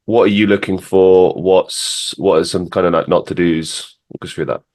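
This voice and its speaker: A man's voice: low-pitched, steady tone, moderate pace, darkish tone. A man hosting a podcast, chatting casually and thoughtfully in a rambling way with restarts. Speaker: podcast host. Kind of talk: casual interview chat.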